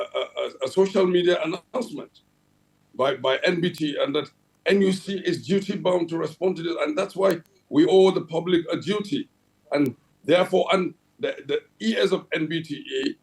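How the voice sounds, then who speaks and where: A man's voice: fairly high pitch, a little mellow, low-quality recording. A Nigerian man heading a regulatory agency, answering in a TV interview in a formal official tone, with many fillers and restarts. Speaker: head of a regulatory agency, guest. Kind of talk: television interview.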